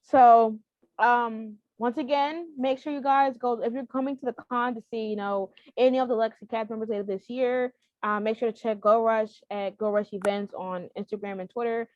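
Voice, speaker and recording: A woman co-hosting a podcast, telling stories in a rambling, animated way with many restarts. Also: fairly high pitch, normal speed, no echo, lo-fi sound. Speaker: podcast co-host. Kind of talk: casual chat.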